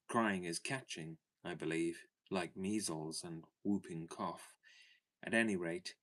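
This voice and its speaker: A man narrating a classic children's storybook in a measured, clear way. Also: deep voice. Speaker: audiobook narrator.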